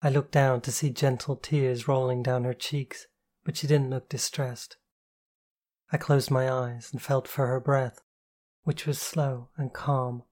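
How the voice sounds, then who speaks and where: Woman, audiobook narrator, first-person novel, calm, slow, intimate delivery. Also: extremely low pitch.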